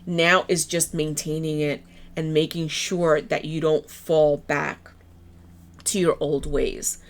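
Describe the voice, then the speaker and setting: A woman with a low, deep voice gives a tarot reading, gentle and encouraging as she turns the cards. Her voice is a little hoarse. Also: flat delivery, takes it slowly. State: slightly hoarse. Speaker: tarot reader.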